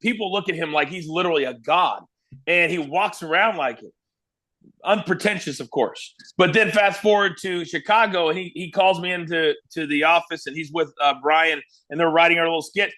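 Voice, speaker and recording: At a moderate pace, with a fairly high pitch, a man from Kansas, USA, who once broadcast wrestling, shares stories as a guest. The conversation is casual, and he animatedly acts out quotes.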